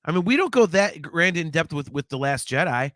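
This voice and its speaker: A man's voice: fairly high pitch, very animated, a little fast, a bit bright, dry recording, studio quality. A man co-hosting a live podcast in a casual chat, ranting animatedly with plenty of profanity. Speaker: podcast co-host.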